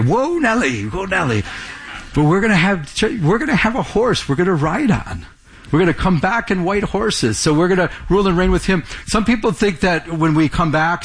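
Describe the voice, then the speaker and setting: A man pastor preaching a verse-by-verse sermon in a conversational way, often repeating words and asking the congregation questions. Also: a little high.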